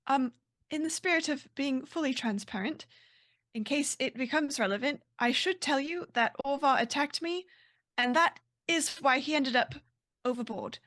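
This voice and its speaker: A woman playing her character in a tabletop game, speaking hesitantly with many pauses and fillers. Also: high-pitched, a bit bright. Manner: hesitant, lots of ums, careful phrasing. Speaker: player.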